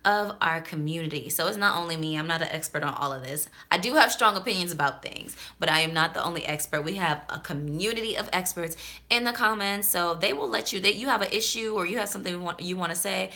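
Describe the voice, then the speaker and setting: A woman hosting a casual vlog, chatting candidly and off the cuff. Her voice is bright and sharp, while her pitch sits on the low side. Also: quick pace. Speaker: host.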